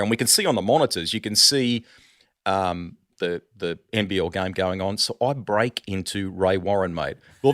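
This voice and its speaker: A middle-aged Australian man telling animated stories in a casual podcast chat, calling the host "mate" a lot. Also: on the low side, dry recording, studio quality. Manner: animated storyteller, says "mate" often. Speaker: sports broadcaster, guest.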